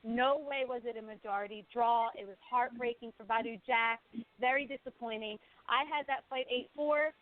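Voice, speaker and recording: A woman's voice: a little high, moderate pace. A woman co-hosting a boxing show, giving blunt and opinionated fight takes in casual chat. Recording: tinny phone-like sound.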